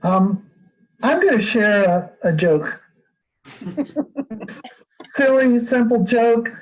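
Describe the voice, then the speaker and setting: A man's voice: very high voice, expressive, extremely slow, rough recording. A man telling a joke in an easygoing way over a video call, chuckling as he goes. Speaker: community member telling a joke.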